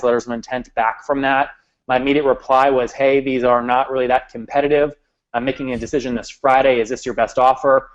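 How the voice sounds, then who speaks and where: A man telling confident stories on a sales panel in a brisk way. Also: mid-range voice. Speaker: panel speaker. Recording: dull lo-fi event recording.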